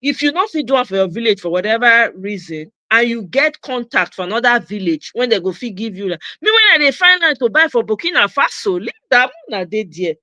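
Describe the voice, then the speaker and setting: A woman's voice: a little high, lively intonation, brisk, hardly any pauses, bright, forceful tone, dry recording. A Nigerian woman hosting a casual livestream chat, talking emphatically and mixing Pidgin with English. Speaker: host.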